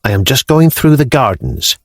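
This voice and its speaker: A male narrator voicing a sharp-tongued young woman healer who gives brisk commands in an audiobook. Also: medium pitch, expressive, no room sound, studio quality, close to an everyday voice. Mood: firm.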